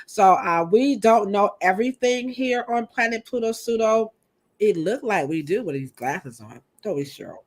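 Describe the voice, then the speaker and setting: A woman co-hosting a hair podcast in a chatty, animated way, turning often to her co-host. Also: medium pitch, moderate pace. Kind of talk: casual podcast chat.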